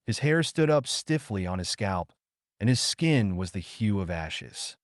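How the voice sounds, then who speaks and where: A man narrating an audiobook in a measured, suspenseful storytelling manner. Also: fairly low pitch, big pitch swings, no room sound, studio quality.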